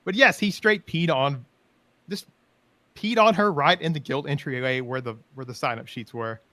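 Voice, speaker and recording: A man hosting a podcast, telling animated stories in casual chat and acting out quotes. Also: a little high, moderate pace, no echo. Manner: animated, laughing, acts out quotes. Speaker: podcast host.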